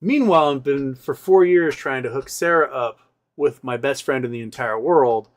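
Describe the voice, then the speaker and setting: A man's voice: medium pitch, normal speed. A male host rambling through a personal story in casual talk, often acting out what other people said. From Seattle area. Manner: rambling, animated retelling with quoted voices.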